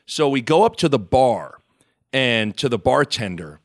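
Male podcast host, animated storyteller, laughs easily, dry close mic. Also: medium pitch, measured pace, no room sound. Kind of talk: casual podcast chat, storytelling.

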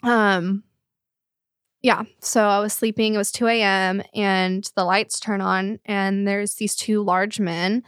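A woman's voice: medium pitch, level tone, takes it slowly, a bit bright, clean tone, no room sound, studio quality. A young woman telling a painful personal story in a podcast talk, tearful and rambling with many fillers. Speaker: guest.

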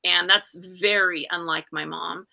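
A middle-aged woman, a podcast guest, chatting and telling a story in a lively, animated way with restarts and laughter. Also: fairly low pitch, measured pace, gravelly. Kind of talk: casual storytelling chat.

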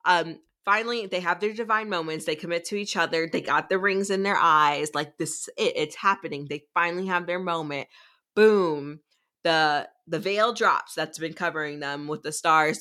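Young woman podcast co-host, low crisp voice, chatty and profane. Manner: animated, profane, chatty recapping. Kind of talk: casual book discussion.

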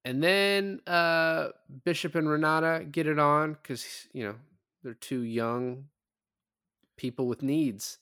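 A man's voice: a little high, fairly even intonation, slow pace, a bit bright, clean tone, no echo. A man co-hosting a podcast, chatting casually through a film review with dry, sarcastic humor. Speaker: podcast co-host.

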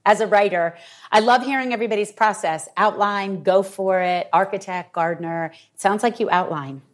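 A woman's voice: medium pitch, normal speed. A woman hosting a podcast, asking a guest author questions in an enthusiastic, conversational way. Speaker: podcast host. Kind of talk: interview questions.

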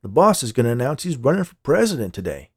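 A man's voice: medium pitch, sing-song, fast, darkish tone, husky, no room sound, studio quality, voice pushed up. A man doing a pushy, nosy security guard. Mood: coaxing. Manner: coaxing and prying.

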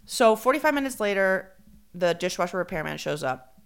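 Woman, casual storytelling, animated, acts out quotes. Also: mid-range voice, moderate pace, gravelly, smooth. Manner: animated, acts out quotes, code-switches into Spanish. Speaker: podcast co-host.

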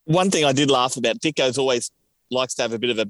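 A man's voice: mid-range voice, fast, fairly bright tone, no room sound. A man co-hosting a podcast in casual chat, talking hesitantly with many fillers. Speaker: podcast co-host.

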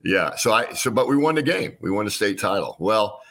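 Deep-voiced man telling stories unhurriedly. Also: very animated, fairly bright tone. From Illinois. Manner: folksy, unhurried storyteller with repeated restarts. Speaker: guest, former quarterback. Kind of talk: storytelling interview.

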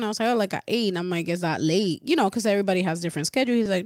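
A woman's voice: mid-range voice, racing, no room sound, clean studio sound. A young woman co-hosting a podcast, telling dating stories with lots of laughter and casual swearing. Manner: animated storytelling, laughs often, swears freely. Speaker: podcast co-host.

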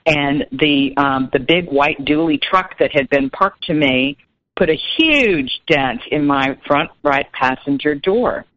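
A woman's voice: sits low, slow pace, dull audio. A woman guest telling a story in a casual interview, chatty and full of fillers. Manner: chatty, many fillers, animated when quoting.

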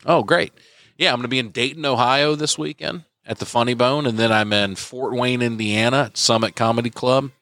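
A man's voice: mid-range voice, steady tone, brisk, pushed and bright, dry recording, clean studio sound. A male comedian chatting as a podcast guest, easygoing and modest. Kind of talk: interview chat.

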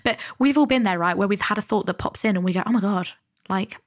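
A woman's voice: mid-range voice, fast, no echo. Young woman, podcast host, chatty, casual swearing, dry close sound. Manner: chatty, swears casually, acts out inner voices. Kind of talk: casual self-help podcast monologue.

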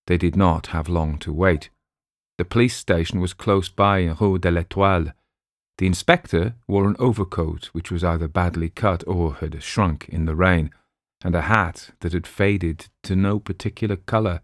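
A man reading a crime novel aloud in a measured way, with the odd filler sound. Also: deep voice, dry recording, studio quality. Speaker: audiobook narrator.

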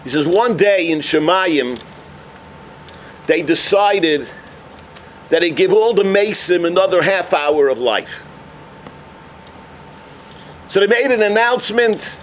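A man delivering a sermon as a rabbi. He tells a story with Yiddish and Hebrew terms and builds to emphatic, near-shouted points. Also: sits high, animated, takes it slowly, long pauses, slight background noise. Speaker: rabbi giving a Torah talk.

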